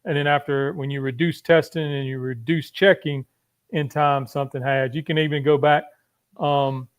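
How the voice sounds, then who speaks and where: A man's voice: a little high, steady tone, moderate pace. A man speaking as a guest on a casual online panel chat, explaining things with lots of fillers. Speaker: panel guest from pharmaceutical industry.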